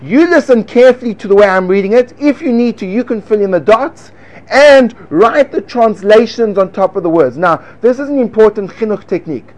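A man's voice: high-pitched, expressive, a little fast. A man lecturing a small group on how to teach Talmud, earnest and demonstrative, sometimes slipping into a sing-song study chant.

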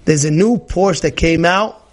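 Male teacher, high and bright pitch, loose storytelling Torah class, keeps checking in with the room. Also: unhurried. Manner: chatty, asks the audience questions, repeats phrases, acts out shouting characters.

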